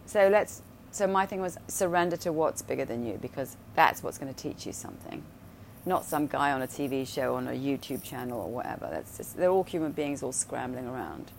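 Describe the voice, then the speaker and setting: A woman's voice: low voice, a little hiss or hum. A woman in casual spiritual talk, blunt and profane, often checking in with "right?" and "you know". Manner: blunt and profane, acts out quoted voices.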